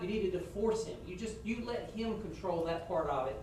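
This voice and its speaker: A man's voice: high voice, expressive, a little fast, few pauses, a little mellow, a little hiss or hum. A middle-aged man, frankly critiquing students after a mock trial. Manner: frank, folksy, acts out example questions. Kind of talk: spoken feedback to students. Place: classroom. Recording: echoey classroom from far off.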